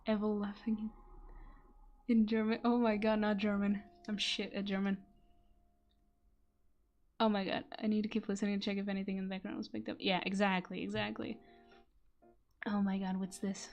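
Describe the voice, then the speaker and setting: A woman voice actor chatting casually on a live stream in accented English, giggling and self-deprecating, recorded on a quiet desk mic. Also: mid-range voice, flat delivery, moderate pace, pauses often, soft background music. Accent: non-native English accent.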